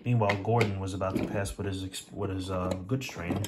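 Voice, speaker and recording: A man's voice: sits low, fairly even intonation, a little fast, very noisy. A man narrating a homemade train story casually, with rambling, jokey asides.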